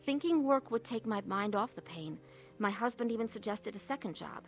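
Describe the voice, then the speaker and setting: A woman's voice: fairly high pitch, expressive, normal speed. An actress voicing a troubled middle-aged wife who narrates her own story and acts its scenes, in a radio drama. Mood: reflective. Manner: earnest, confessional. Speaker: narrator and lead.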